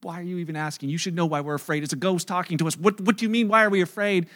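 A man's voice: high-pitched, steady tone, very fast, a bit bright, voice pushed down. A male pastor acting out baffled, flustered disciples in a sermon. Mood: incredulous. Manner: incredulous, flustered.

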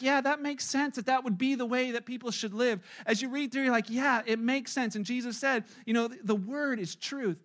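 A man's voice: very high voice, a bit bright. A middle-aged man, a pastor, giving a casual, conversational sermon and acting out the voices of the people he quotes.

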